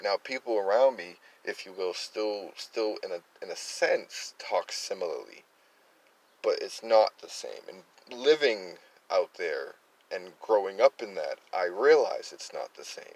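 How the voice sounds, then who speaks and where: Low-pitched and animated yet measured in pace, this Massachusetts man with a faint Worcester accent offers rambling, opinionated takes on politics, stumbling over fillers and restarts. The recording quality is low.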